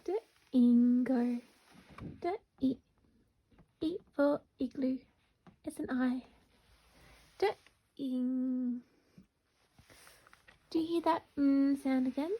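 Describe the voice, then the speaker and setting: A woman teaching a phonics lesson to young children, slowly sounding out words syllable by syllable. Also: high voice, fairly even intonation. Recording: dull lo-fi recording.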